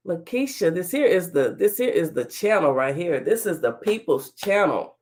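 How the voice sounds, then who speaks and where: A woman's voice: lowish voice, sing-song, moderate pace, darkish tone. A woman hosting a casual livestream talk show, chatty and folksy, greeting viewers by name while her voice is still a little off from being sick. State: recovering from illness, voice slightly off.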